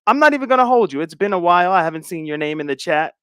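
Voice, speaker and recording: A man's voice: high-pitched, animated, very fast, a bit bright, clean tone, no room sound, studio quality. A middle-aged man hosting a livestream, chatting casually with viewers in a playful, teasing way and laughing often. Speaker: livestream host. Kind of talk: casual chat reading viewer comments.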